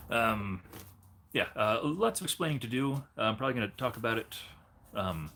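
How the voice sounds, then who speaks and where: A man's voice: mid-range voice, expressive, moderate pace, gravelly, bright, forceful tone, slight background noise. A man hosting a casual livestream, chatting in a rambling way and breaking off to talk to his dog. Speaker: livestream host.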